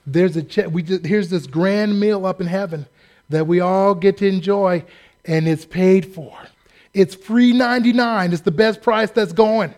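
A pastor delivers a lively, joking sermon in a fairly high male voice. He tells a story from the pulpit and acts out the voices of the people in it. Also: unhurried.

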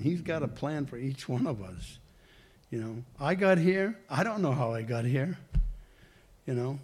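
A man's voice: medium pitch, a little mellow. A man giving a personal testimony to a congregation, talking conversationally in a rambling way and correcting himself as he goes. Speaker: church member giving testimony.

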